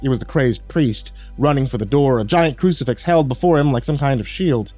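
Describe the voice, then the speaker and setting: A man reads a scripted horror story aloud with dramatic storytelling flair. His medium-pitched voice has a dark tone and a brisk pace, with faint music behind it.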